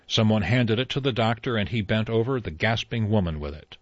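A male audiobook narrator with a low voice and a lively, expressive line. He tells the story in an even, unhurried way. The recording is dry and close, slightly dull in tone. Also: dry recording. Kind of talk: scripted narration.

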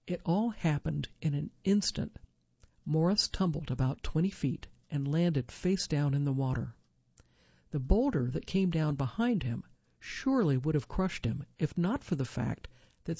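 A narrator reading a true survival story in a measured storytelling manner, lifting the quoted lines. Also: medium pitch, warm tone, slightly rough, no echo, highs cut off.

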